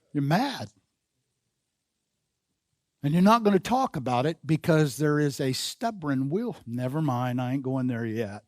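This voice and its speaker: A male pastor with a fairly high voice preaches a sermon. He repeats key phrases and calls the congregation to answer back, building in force as he goes. His voice is heard close and dry, with little room sound. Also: big pitch swings, a little slow, long pauses, dry recording. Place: church sanctuary.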